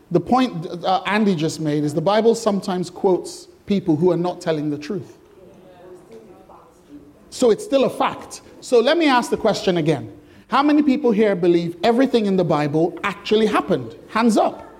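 A pastor speaks at a moderate pace in a high-pitched, animated voice during an interactive sermon. Inside a church hall with the congregation, he chats, cracks jokes, asks questions and teases those present.

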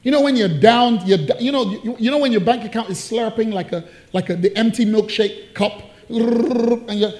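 A man's voice: sits high, normal speed, few pauses, darkish tone. A man preaching a sermon, telling a story with playful asides and jokes.

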